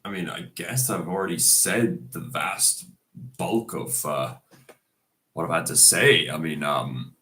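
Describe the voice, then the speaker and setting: Casual host, man, getting over a cold; slow, halting delivery, fairly low voice. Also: bright, forceful tone. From Scotland. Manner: hesitant, many fillers and restarts. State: recovering from a cold, coughing. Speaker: video host. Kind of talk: casual tribute talk.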